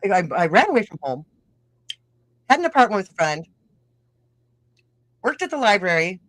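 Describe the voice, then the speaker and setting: A middle-aged woman from northern Minnesota talks in a loose, rambling way, breaking into laughter as she tells stories. Her northern Minnesota accent colours a mid-pitched voice. The recording is close and dry, with no room sound. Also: big pitch swings, normal speed, a bit bright, no room sound. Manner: chatty, rambling, laughs often while telling stories. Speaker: guest musician-podcaster. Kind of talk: casual interview chat.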